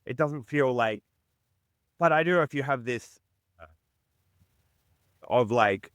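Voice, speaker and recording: A man's voice: medium pitch, slow pace, fairly bright tone, no echo. A man, a podcast guest chatting casually with an enthusiastic, reflective manner. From Australia. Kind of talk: casual chat.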